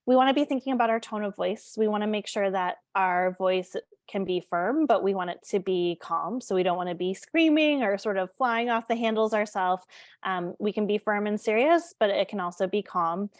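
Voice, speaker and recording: A woman leads a relaxed, conversational parenting lesson, speaking candidly and often checking in with her listeners. Her voice is recorded close and dry, with no room sound around it. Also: mid-range voice, normal speed, dry recording. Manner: conversational, candid, frequent fillers and check-ins. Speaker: parenting educator. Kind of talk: informal parenting presentation.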